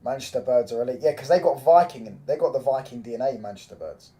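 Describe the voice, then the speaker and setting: A young man, chatting casually on a football watchalong stream, swearing freely and breaking into loud reactions to the match. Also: mid-range voice, fast talker. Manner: loose, swearing banter, reacts loudly to the match. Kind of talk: casual live-stream chat.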